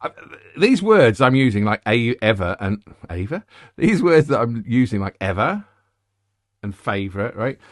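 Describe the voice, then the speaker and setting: A man's voice: medium pitch, big pitch swings, normal speed, dry recording, studio quality. A middle-aged man hosting a music show, rambling, joking and interrupting himself. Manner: rambling, jokey, self-interrupting. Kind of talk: casual chat.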